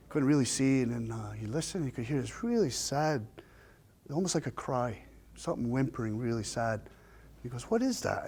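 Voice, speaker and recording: A man telling a family story in a lively, folksy storytelling style, with shifting pace and dramatic pauses. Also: mid-range voice. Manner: homespun, folksy phrasing. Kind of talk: oral storytelling.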